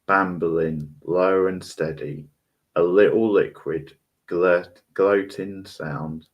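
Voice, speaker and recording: A man reads a ghost story aloud in a very deep voice. He takes it slowly and deliberately, now and then stumbling and correcting himself. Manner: slow, deliberate reading with small slips and self-corrections. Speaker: reader. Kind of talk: reading a novel aloud.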